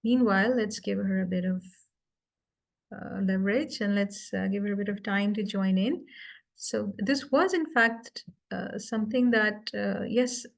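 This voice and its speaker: A woman leading a speaking club meeting, explaining poetic structure step by step in a measured way over a video call. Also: medium pitch. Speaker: Toastmasters meeting leader. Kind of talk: explanatory club talk on poetry.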